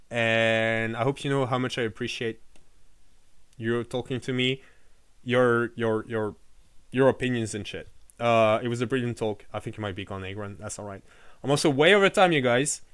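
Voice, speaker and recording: A man's voice: mid-range voice, moderate pace, a bit bright, clean tone, no echo. Fired-up man streaming. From France. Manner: impassioned, swears often, rambling restarts. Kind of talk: casual live-stream chat.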